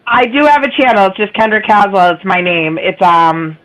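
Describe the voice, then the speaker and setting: A woman with a Boston accent and a raspy, nasal voice, rambling in casual chat. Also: medium pitch, expressive, moderate pace, fairly bright tone, low-quality recording. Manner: rambling, self-deprecating, laughs often. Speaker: livestream guest.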